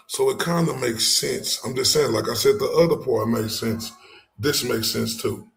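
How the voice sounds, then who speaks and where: A man's voice: medium pitch, normal speed, gravelly, low-quality recording. A man streaming a trial recap, breaking in with slangy, casual commentary and reactions. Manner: slangy, conversational, reacts aloud.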